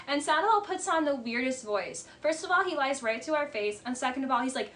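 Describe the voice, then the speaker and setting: A woman's voice: sits high, lively intonation, a little fast, hardly any pauses, bright, forceful tone. A woman giving casual, emphatic commentary on a reality TV episode, often exasperated and mimicking the people she quotes.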